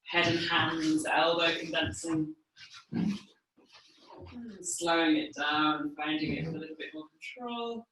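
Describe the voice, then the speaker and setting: A woman teaching a movement class, calmly cueing while she exercises on the floor, a little out of breath. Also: sits low, slight background noise. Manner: calm, unhurried cueing while moving on the floor. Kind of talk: guided movement class instruction. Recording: echoey room, mic far off.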